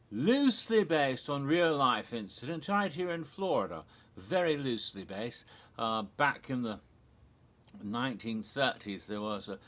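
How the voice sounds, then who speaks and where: A man talks through theme park history in a loose, digressive way, circling back and filling pauses with ums. His voice has a bright, forward edge at an ordinary middle pitch. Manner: rambling and digressive, with many ums and restarts; chuckles at his own jokes. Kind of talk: casual solo storytelling.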